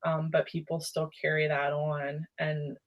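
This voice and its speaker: Relaxed speaker on a podcast. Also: medium pitch, unhurried, lo-fi sound. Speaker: podcast guest. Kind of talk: casual chat.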